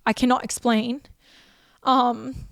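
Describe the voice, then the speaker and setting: A woman's voice: on the high side, flat delivery, takes it slowly, creaky, no echo, studio quality. A young woman, hosting a podcast and telling a personal story in an emotional, rambling way full of repeated phrases. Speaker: podcast host.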